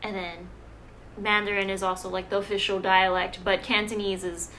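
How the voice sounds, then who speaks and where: A young woman from Hawaii in casual chat, an animated, self-deprecating storyteller who fills her talk with "um" and "like". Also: medium pitch, moderate pace, background noise.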